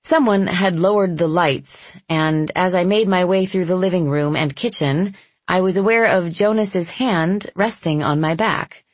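A woman giving steady first-person narration of a novel in an even storytelling manner. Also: lowish voice, measured pace, no echo. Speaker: audiobook narrator.

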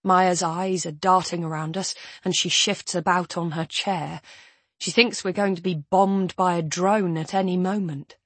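A woman narrating a first-person novel in a measured, intimate storytelling manner. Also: fairly low pitch, fairly even intonation, slightly rough, no room sound. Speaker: audiobook narrator.

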